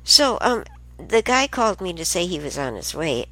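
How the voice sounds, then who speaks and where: A woman's voice: lowish voice, very animated, moderate pace, fairly bright tone, no echo. A woman hosting a show, telling a rambling everyday story in a chatty, casual way. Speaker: show host. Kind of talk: casual monologue.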